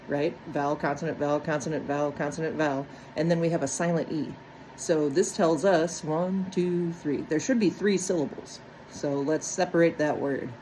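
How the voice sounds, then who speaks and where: A woman's voice: low voice, warm tone, slight background noise, poor audio. A woman walking step by step through a phonics lesson on breaking words into syllables, checking in often with "right?". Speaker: teacher.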